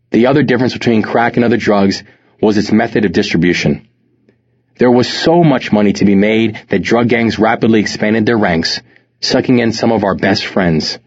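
A middle-aged man from New York narrating his memoir in a measured, reflective way. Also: fairly low pitch, a little mellow, breathy edge. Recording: slightly muffled recording.

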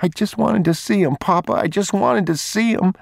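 A man reading aloud as a small frightened boy who cries and pleads in a high, tearful voice. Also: normal speed, gravelly, dry recording, clean studio sound. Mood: pleading. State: crying.

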